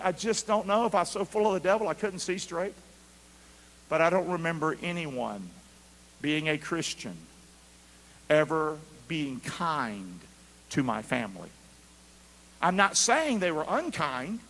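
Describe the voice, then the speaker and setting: A man preaching a sermon as pastor, calling for answers from the congregation and swinging from quiet asides to loud shouts. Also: high-pitched. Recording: long hall reverb.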